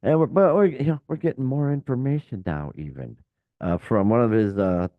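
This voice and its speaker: A man's voice: medium pitch, expressive, normal speed, no echo, phone-quality sound. A man co-hosting a casual rock podcast, rambling through news with lots of uh and you know. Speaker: podcast co-host.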